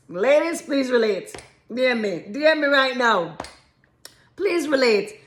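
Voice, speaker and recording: Giggly woman advice vlogger, higher voice, slow unhurried delivery, frank and chatty with her viewers. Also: animated, a bit bright. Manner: giggly, keeps breaking into laughter; frank and chatty, addresses viewers as ladies and guys. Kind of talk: casual chat to camera.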